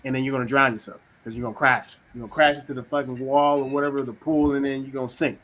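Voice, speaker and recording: A man hosting a casual talk on communication styles, slangy and animated, acting out little quoted voices. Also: mid-range voice, fast talker, low-quality recording. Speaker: host.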